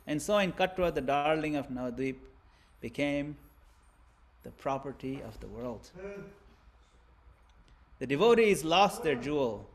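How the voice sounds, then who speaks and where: Guy teaching through a story, super theatrical, loud then hushed, a bit high-pitched. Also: lively intonation, unhurried, pauses often. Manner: vivid, theatrical narration with swings in loudness. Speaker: religious teacher. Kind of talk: dramatic storytelling lecture.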